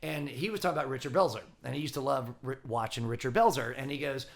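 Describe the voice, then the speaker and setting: A man's voice: mid-range voice, fast talker. A male comedian in casual podcast chat, telling anecdotes and acting out the people in them. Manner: animated storyteller, acts out quoted voices.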